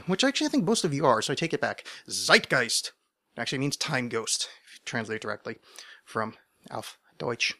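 A man's voice: medium pitch, sing-song, normal speed, pushed and bright. A man hosting a podcast in a casual solo monologue, rambling and self-deprecating, with many restarts and asides. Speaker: podcast host.

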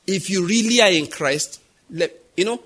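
Husky Nigerian preacher man. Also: sits high, moderate pace. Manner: animated storytelling, acting out quoted voices. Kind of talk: sermon.

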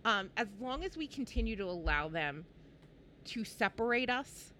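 Lively bright-voiced woman co-host. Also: fairly high pitch, normal speed, slight background noise. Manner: laughing, animated and outspoken. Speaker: podcast co-host. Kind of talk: casual chat.

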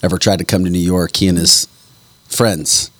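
A man's voice: deep voice, steady tone, moderate pace, fairly bright tone, no echo. A man hosting a morning radio show, bantering casually and reading out listener messages. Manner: jokey, reads listener messages aloud.

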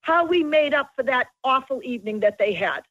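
High-voiced lady telling restaurant stories, acts out the lines, kinda dull dry recording. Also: brisk, dry recording. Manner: animated storyteller, acts out dialogue. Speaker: restaurant owner. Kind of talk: casual podcast chat.

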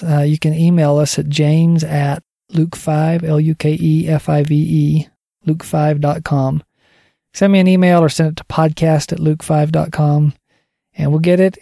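A man gives a relaxed, folksy teaching talk on his podcast, stacking up repeated phrases as he goes. His voice sits a touch high, with a gravelly edge and a mellow, dark tone. The recording is dry and close. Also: no room sound. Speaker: ministry podcast host.

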